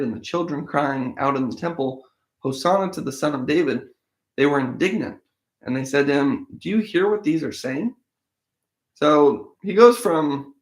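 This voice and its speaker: A man who hosts a daily Bible-reading show, reading verses aloud and then explaining them conversationally while he thinks aloud, with restarts along the way. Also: on the high side. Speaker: Bible-in-a-year podcast host. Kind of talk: reading scripture aloud, then casual commentary.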